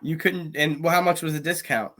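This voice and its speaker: A man's voice: a little high, steady tone, a little fast, fairly bright tone. A man co-hosting a casual comedy chat, teasing and laughing often on a video call. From Cleveland area. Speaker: comedian co-host. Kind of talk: casual banter.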